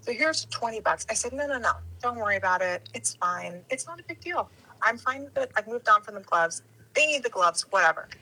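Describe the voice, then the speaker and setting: A woman with a bright, slightly high and husky voice tells a casual story. She is animated and jumps into playful voices for the people she quotes. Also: brisk, low-quality recording.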